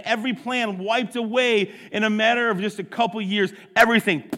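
Slow, high-voiced preacher in a reverberant hall. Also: male voice. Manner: impassioned, rising from hushed to loud. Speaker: pastor. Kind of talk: sermon. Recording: long reverb of a large hall.

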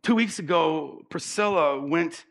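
A man preaching a sermon as pastor, an animated storyteller who acts out the voices in his stories and draws the audience in. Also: a little high, a little slow, vocal fry.

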